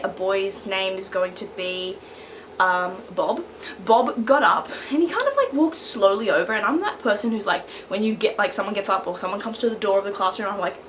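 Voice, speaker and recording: A woman's voice: medium pitch, a little hiss or hum. A young woman telling a rambling, chatty story at home, keeping her voice down and laughing between asides. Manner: keeps voice down so as not to wake someone. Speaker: beauty vlogger. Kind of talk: casual storytime.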